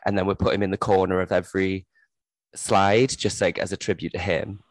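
Chatty man, lower voice, dry sound. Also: little pitch movement, fairly quick, dry recording. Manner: chatty storyteller, laughs often, swears casually. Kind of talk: casual chat.

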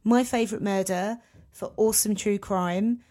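A woman's voice: mid-range voice, steady tone, moderate pace, dark tone. A woman co-hosting a podcast in casual chat, rambling and self-mocking. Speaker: podcast co-host.

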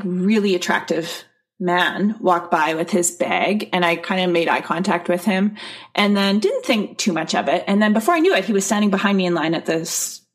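A woman tells a story at a relaxed, conversational pace. Her pitch sits in the middle, and she brightens when she acts out what people said. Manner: animated, laughing storyteller who acts out quotes. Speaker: guest, nutrition and wellness consultant. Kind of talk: casual storytelling.

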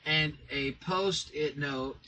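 A man's voice: fairly high pitch, slow, sharp tone, slight background noise, rough recording. A man co-hosting a casual podcast, teasing his friends and swearing freely. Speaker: podcast co-host. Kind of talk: casual crude banter.

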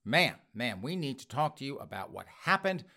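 A man voicing a weary, patient police officer who talks in a flat, tired way. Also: medium pitch, moderate pace, exaggerated voice.

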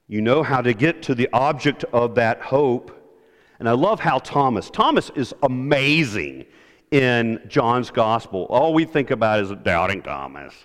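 A male pastor giving a conversational, animated sermon, repeating key phrases for emphasis. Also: mid-range voice, measured pace. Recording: long hall reverb.

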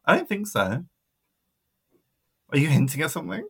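A man co-hosting a chatty podcast with a bright, lively voice. He laughs often and drifts through ums between thoughts, with a pitch that rises and falls a lot. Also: normal speed, vocal fry, husky. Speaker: podcast co-host. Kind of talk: casual podcast chat.

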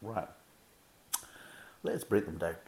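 A man's voice: on the low side, slow pace, a little mellow. A middle-aged man giving a casual, rambling beer review with chatty asides. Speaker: beer reviewer, podcast host. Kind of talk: casual tasting review and chat.

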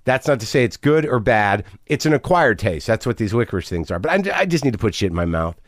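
A man's voice: on the low side, sing-song, fast, no echo. Middle-aged man, podcast host, manic and rambling, profane, dry close sound. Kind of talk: confessional monologue.

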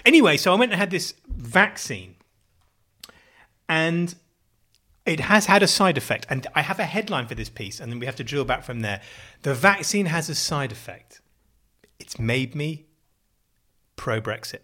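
A middle-aged British man chatting casually as a podcast co-host, animated and jokey, swearing freely. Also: fairly high pitch, normal speed, long pauses. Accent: British English. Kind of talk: casual chat.

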